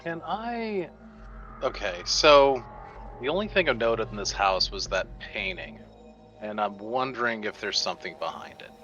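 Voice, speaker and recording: Bright-voiced man on a dull mic. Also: on the low side, lively intonation, a little slow, faint music behind. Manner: tentative, asking questions. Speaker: tabletop game player. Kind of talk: casual chat.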